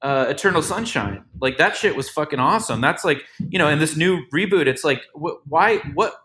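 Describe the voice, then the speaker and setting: A man talks loosely and profanely, stumbling through restarts as he works out his thoughts. His voice is bright and forceful and sits a little high. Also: lively intonation, a little fast. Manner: rambling, profane, many restarts. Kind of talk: casual chat.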